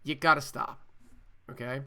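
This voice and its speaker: Emphatic bright-toned podcast man. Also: mid-range voice, fairly even intonation, moderate pace. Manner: emphatic, repetitive, profane. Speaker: podcast co-host. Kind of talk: casual podcast chat.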